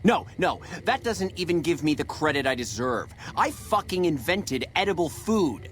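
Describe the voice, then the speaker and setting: A man's voice: mid-range voice, lively intonation, moderate pace, fairly bright tone, faint music behind, natural voice. An actor playing an arrogant, volatile male chef who delivers bellowing, profane tirades in a video game. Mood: raging.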